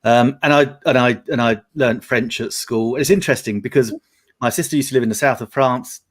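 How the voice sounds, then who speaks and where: A middle-aged Englishman, chatting casually on a live video panel. He tells long, rambling stories and laughs often as he goes. His voice sits at an ordinary, mid-range pitch. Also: brisk. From England. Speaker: panel guest. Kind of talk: casual chat.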